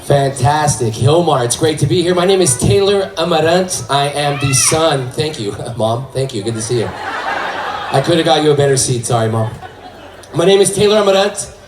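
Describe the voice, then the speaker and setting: A male stand-up comedian from California working a live crowd, loud and shouting his punchlines. His voice sits a bit high. It rings through a roomy hall from some distance off the mic, with an audience around it. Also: animated, normal speed, slight background noise.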